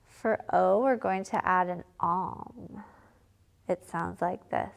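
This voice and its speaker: A woman teaching a children's yoga class, giving calm, encouraging step-by-step cues. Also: on the low side, normal speed, vocal fry. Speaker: kids yoga instructor. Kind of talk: guided yoga lesson for children.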